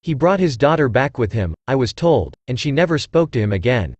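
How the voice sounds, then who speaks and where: A synthesized male voice reading the part of a gruff, blustering old aristocratic uncle who grumbles bluntly. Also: medium pitch, very animated, a little fast, darkish tone, dry recording, lo-fi sound. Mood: grumbling. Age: older.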